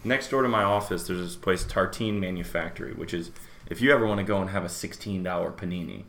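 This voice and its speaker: Deep gravelly man, dry sardonic chat. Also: fast talker, fairly bright tone, echoey room. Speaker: podcast co-host. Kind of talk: casual chat.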